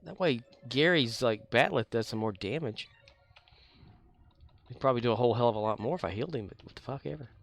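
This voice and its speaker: A man's voice: medium pitch, brisk, a bit bright. A man streaming a video game, rambling and joking with profane asides in casual gaming commentary.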